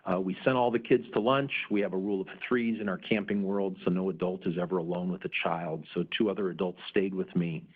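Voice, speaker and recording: A man's voice: low voice, steady tone, a little fast, hardly any pauses, slightly rough. A middle-aged man presenting at a conference, telling a story earnestly with frequent "uh" fillers. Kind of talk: storytelling talk. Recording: narrow phone-like sound.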